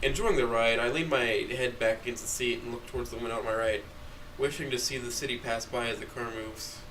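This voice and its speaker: A man's voice: mid-range voice, steady tone, a little fast, a bit bright, a little hiss or hum. A young man streaming, reading a story aloud in first person with blunt, profane asides. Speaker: streamer reading a visual novel.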